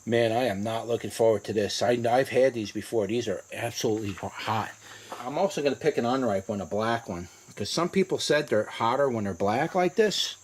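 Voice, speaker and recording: A man's voice: mid-range voice, a little fast, breathy edge. Male garden vlogger, mid-range voice, easygoing and chatty, outdoors with crickets. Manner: chatty, exclaims and coughs from the heat. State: hiccuping, burning mouth. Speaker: pepper reviewer. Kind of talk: casual garden video review.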